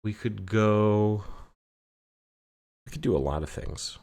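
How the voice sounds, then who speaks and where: Deep gravelly man narrating card plays. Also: slow. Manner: relaxed storytelling, lists plays step by step. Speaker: card game player and channel host. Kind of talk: casual commentary over gameplay.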